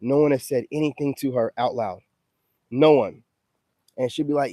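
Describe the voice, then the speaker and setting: A man's voice: a little high, steady tone, normal speed, dark tone, no echo. A man chatting casually on a livestream, loose and emphatic, who keeps asking whether the listener follows him. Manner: loose, emphatic, keeps asking "you know what I'm saying". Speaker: livestream host.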